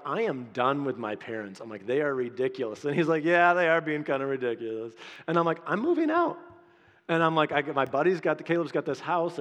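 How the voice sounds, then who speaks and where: A man preaching a sermon in a conversational, animated way, acting out the quotes in his stories. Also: fairly high pitch, in a large hall. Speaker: pastor.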